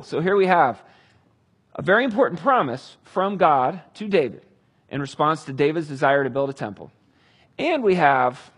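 A man's voice: mid-range voice, breathy edge. A man preaching a sermon in a conversational style, reading scripture with dramatic emphasis. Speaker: pastor.

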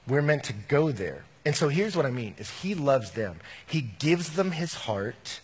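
Husky guy preaching, tells stories, gets loud then goes real quiet. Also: medium pitch, a little slow. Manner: storytelling, swings from animated to quiet and intimate. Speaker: pastor. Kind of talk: sermon.

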